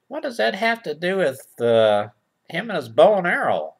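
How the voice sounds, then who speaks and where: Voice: medium pitch, very animated, normal speed, creaky, husky. A storyteller who reads a children's story aloud to mock it, making sarcastic asides to the listeners and restarting sentences. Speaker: storyteller and channel host.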